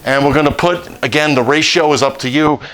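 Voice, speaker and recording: A man's voice: fairly high pitch, brisk, faint music behind. Easygoing man hosting a cooking show. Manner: relaxed, jokey, cracks puns. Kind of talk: home cooking demonstration.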